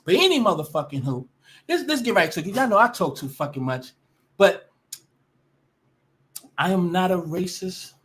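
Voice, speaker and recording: A woman's voice: fairly low pitch, sing-song, normal speed, pauses often. A woman ranting casually to her viewers, blunt and profane, often restarting her sentences. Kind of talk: casual rant to camera.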